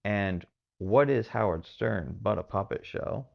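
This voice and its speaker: Deep gravelly-voiced man, muffled. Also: expressive, measured pace. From Texas. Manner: rambling, hedging with fillers. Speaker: podcast host. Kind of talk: casual solo commentary.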